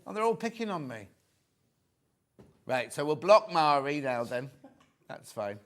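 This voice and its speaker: A man's voice: on the high side, big pitch swings, unhurried, a bit bright. A British man presenting a live sewing shopping show, chatty and teasing as he reads out prices and viewer messages in a TV studio.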